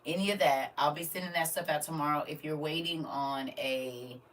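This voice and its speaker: A woman's voice: low voice, moderate pace, recorded from a distance. An older woman, chatting casually to viewers on a live stream and talking straight to them. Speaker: vlogger.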